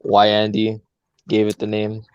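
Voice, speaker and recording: A man's voice: fairly low pitch, completely flat delivery, measured pace, clean tone, dry recording. A man co-hosting a podcast, talking in a hesitant, filler-heavy way and laughing often. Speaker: co-host. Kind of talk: casual podcast chat. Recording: dull lo-fi sound.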